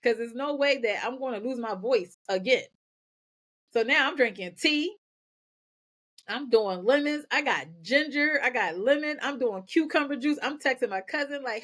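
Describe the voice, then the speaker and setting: A woman guest on a podcast, telling her own story in energetic bursts and often repeating words as she goes. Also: high-pitched, normal speed. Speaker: podcast guest, nonprofit founder. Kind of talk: candid personal storytelling.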